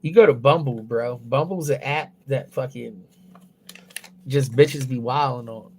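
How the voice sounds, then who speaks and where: A young man talks casually on a livestream at a middle pitch. He is crude and blunt, swears in nearly every sentence, and rambles with restarts. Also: unhurried, slight background noise. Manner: loose, rambling delivery with restarts.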